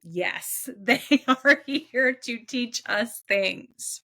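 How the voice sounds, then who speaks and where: Host: woman, bright and crisp voice, affirming, chatty interviewer. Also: a little high. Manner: affirming, quick back-channel responses. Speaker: podcast host. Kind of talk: candid podcast conversation.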